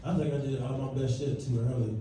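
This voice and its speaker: A man doing a stand-up set on a club stage, bantering with the audience, swinging between loud bursts and low mutters. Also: fairly even intonation, quick pace, noisy background. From Virginia. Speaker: stand-up comedian. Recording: echoey club recording from far off, loud crowd. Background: audience laughter.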